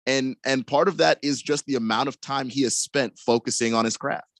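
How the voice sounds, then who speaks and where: A man's voice: medium pitch, normal speed, no echo, clean studio sound. A man co-hosting a sports radio show who analyzes players in a casual way and often restarts his sentences.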